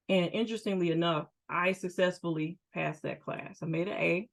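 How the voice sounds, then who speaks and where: A woman's voice: on the low side, normal speed, gravelly, hardly any pauses. A middle-aged woman, a podcast host and therapist, telling her personal story in a candid, emphatic, conversational way with frequent restarts. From United States.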